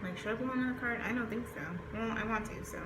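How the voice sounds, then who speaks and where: This Southern US woman talks fast in a fairly high, steady voice while delivering a chatty tarot reading that rambles and leans on fillers. The recording carries roomy echo and faint background noise.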